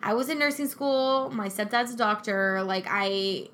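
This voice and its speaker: A woman's voice: medium pitch, unhurried. A young woman telling a personal story in casual chat, acting out what people said. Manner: animated storytelling, acting out quotes.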